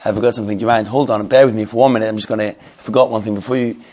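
A man's voice: on the low side, fairly even intonation, racing, a little mellow, voice pushed down, lightly acted. A man voicing a penniless, embarrassed shopper who stalls at the checkout with hesitant excuses. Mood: sheepish. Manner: hesitant, apologetic, fumbling.

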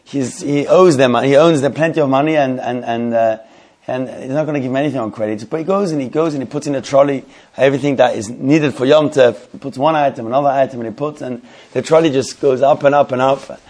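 A man tells a story to his Torah class at a brisk pace. His delivery is animated, with plenty of repeated words and quick restarts. His pitch sits in the middle of the ordinary range. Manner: rapid, animated, many restarts and repetitions. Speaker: Torah teacher.

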